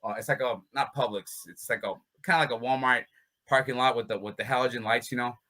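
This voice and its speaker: A man's voice: medium pitch, fairly even intonation, fast talker, pushed and bright. A man, a fighter being interviewed, telling stories in a loose, casual way and often breaking into laughter. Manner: laughs often while talking. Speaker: bare-knuckle fighter, interview guest. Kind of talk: casual storytelling.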